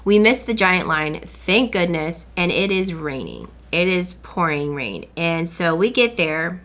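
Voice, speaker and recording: A woman's voice: on the low side, big pitch swings, a little slow, few pauses, a bit bright. A woman hosting a podcast, chatting casually and retelling a story animatedly, acting out what other people said. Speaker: podcast host.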